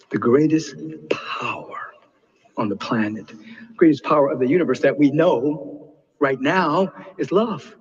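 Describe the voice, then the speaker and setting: A male spiritual teacher preaches with passion, swinging from hushed intensity to soaring highs. His voice sits a little high and sounds husky. The recording is dull and lo-fi. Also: long reverb tail. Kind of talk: inspirational sermon.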